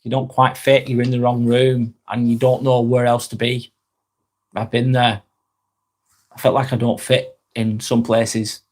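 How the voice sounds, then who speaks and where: A man with a Lancashire accent hosting a live stream, reading viewer comments aloud and talking in a gentle, reflective way. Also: mid-range voice, level tone, measured pace. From Northwest England.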